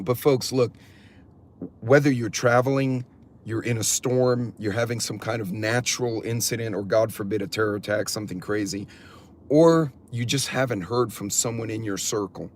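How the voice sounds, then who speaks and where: Rambling and cursing freely, a middle-aged host of a preparedness channel chats on a livestream, reading out and responding to viewer comments. He has a lowish voice, and there's slight background noise.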